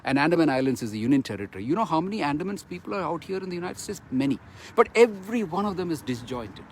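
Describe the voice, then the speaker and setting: A man's voice: on the high side, sing-song, racing, slight background noise. A middle-aged man from Kerala with an Indian English accent, giving an impassioned, emphatic testimony straight to camera and repeating phrases for force. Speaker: speaker giving a personal testimony.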